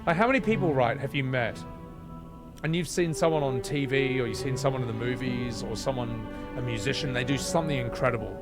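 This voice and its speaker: A man's voice: medium pitch, fairly quick, over music. A man streaming a video game, commenting in jokey, profane rants to his chat.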